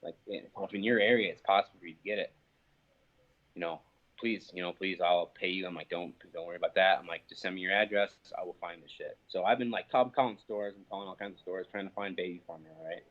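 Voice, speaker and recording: A man's voice: low-pitched, steady tone, quick pace, dull audio. A young man being interviewed, telling an angry story full of swearing and fillers. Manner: heated, profane storytelling with many fillers. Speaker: interview guest, professional fighter. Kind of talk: casual phone interview.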